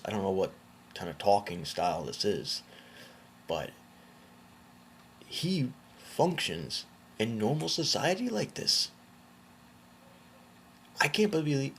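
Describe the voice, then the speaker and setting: A man giving casual commentary with a sarcastic, incredulous edge. His low voice swings up and down a lot, with a gravelly fry to it. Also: a little hiss or hum. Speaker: commentary video host.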